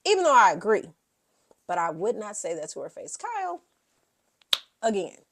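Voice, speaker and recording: A woman's voice: mid-range voice, big pitch swings, moderate pace, a bit bright, dry recording. Woman recap host, sassy and brash, dry close mic. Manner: brash and sassy, quoting the cast in bursts. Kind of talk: sassy reality show recap commentary.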